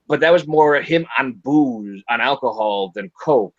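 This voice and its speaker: Hosting a casual livestream podcast reviewing a film, a man with a fairly high voice talks at a moderate pace with few pauses. He's blunt, animated, and profane, acting out quotes, over dry, dull lo-fi audio.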